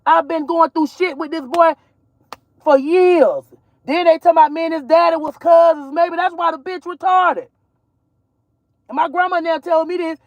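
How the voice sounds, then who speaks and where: A woman's voice: extremely high pitch, fairly even intonation, unhurried, no echo. A woman from Georgia vents in a heated, profane rant to her viewers. She talks bluntly and cuts in with asides, recorded dry and close from inside a car. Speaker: mother vlogger. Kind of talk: casual ranting vlog. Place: in a car while driving.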